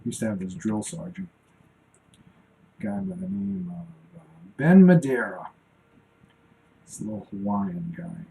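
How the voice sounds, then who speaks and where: A man in his forties with a gravelly, mellow voice chats away on a live stream while he draws. His pitch swings up and down a lot as he rambles and mutters to himself about his work. The stream has a faint background noise. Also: big pitch swings, slow pace, pauses often, rough recording. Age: 40s. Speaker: cartoonist streaming while drawing. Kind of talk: casual live-stream chat.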